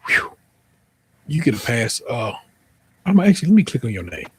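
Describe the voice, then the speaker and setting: A man's voice: medium pitch, huge pitch swings, normal speed, husky, no echo. A man with an American accent reading an online post aloud, then joking through profane commentary and spelling out the typos. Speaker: podcast host.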